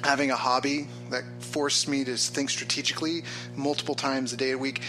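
A man's voice: mid-range voice, little pitch movement, a little fast, bright, forceful tone, soft background music, rough recording. A man being interviewed as an entrepreneur, talking casually and enthusiastically, rambling with many fillers. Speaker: entrepreneur guest.

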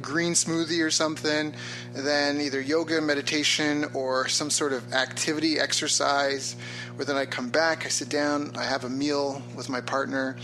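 A man being interviewed, with a bright and forceful tone, his talk casual and rambling. He fills it with "like" and "you know". Faint music plays behind him. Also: medium pitch, low-quality recording. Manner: rambling, enthusiastic, with many fillers. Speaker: entrepreneur guest.

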